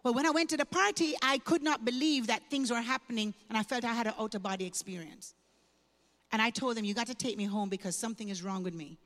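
Woman pastor from Jamaica, higher voice, lively storytelling testimony, long hall reverb. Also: quick pace. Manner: animated, humorous, emotional storytelling. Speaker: pastor giving her testimony. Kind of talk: sermon testimony told as a story. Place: large church hall at a women's event.

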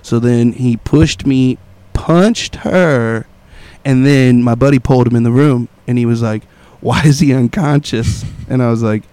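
A man's voice: medium pitch, a little slow, dark tone, smooth, no room sound. A young man telling a wild story in casual chat, laughing often and acting out voices and sounds.

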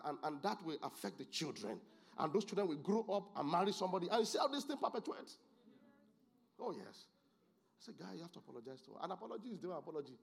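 A man preaches a lively sermon, his voice dropping into low, confiding asides and then rising into loud, excited outbursts. His voice sits a little higher than most men's. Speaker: pastor.

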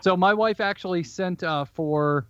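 A man with a Chicago accent co-hosting a casual podcast, telling stories in a relaxed, dry way. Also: sits high, measured pace, no room sound. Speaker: co-host. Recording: dull, slightly lo-fi dry audio.

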